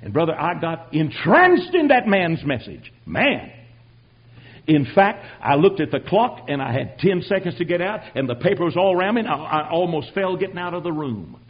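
Husky older man preaching his testimony. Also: fairly high pitch, big pitch swings, normal speed, dull audio. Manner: dramatic storytelling, swinging from quiet to shouted. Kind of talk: sermon testimony.

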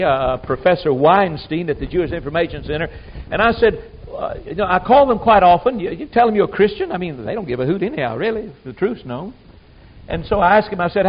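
Animated, high-voiced folksy preacher. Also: male voice. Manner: folksy, emphatic, acts out quotes. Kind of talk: sermon. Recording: dull lo-fi sound.

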